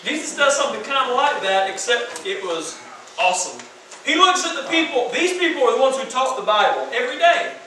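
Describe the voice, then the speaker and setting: A man preaching a sermon as youth pastor in a casual, slangy, animated way, in a large room. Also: extremely high pitch, a little fast, slight background noise. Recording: echoey room from far off.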